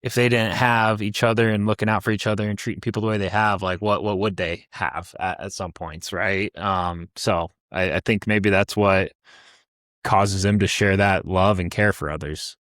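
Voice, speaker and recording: A man's voice: fairly low pitch, steady tone, normal speed, a bit bright, dry recording, studio quality. A young American man co-hosting a podcast, telling a personal travel story in a rambling way with many restarts. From United States. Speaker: podcast co-host.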